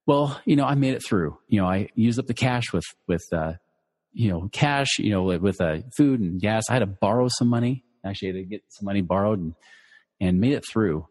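A middle-aged man speaks in a breathy, husky voice that sits a little low. He talks loosely and conversationally, with plenty of fillers and restarts, while sharing a personal story with listeners. A long reverb tail hangs on his words. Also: expressive, brisk, a little mellow. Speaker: financial educator.

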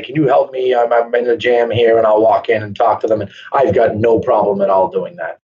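A man who runs a real estate brokerage, telling lively stories in a casual interview and acting out quoted voices. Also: mid-range voice. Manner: animated storyteller, acts out quoted voices. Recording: dull lo-fi sound.

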